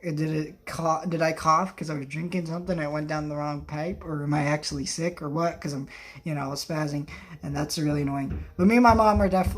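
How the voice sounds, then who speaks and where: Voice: medium pitch, a bit bright, slight background noise. Rambling young movie vlogger at home. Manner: rambling, talks while handling discs. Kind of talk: casual vlog chat. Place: home, indoors.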